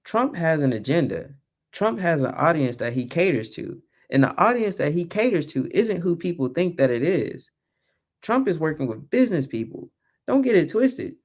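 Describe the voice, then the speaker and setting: Speaking at a normal pace, a very animated young vlog host chats casually on a live stream, rambling and at times losing track of his thoughts. He lowers his voice to avoid waking the kids.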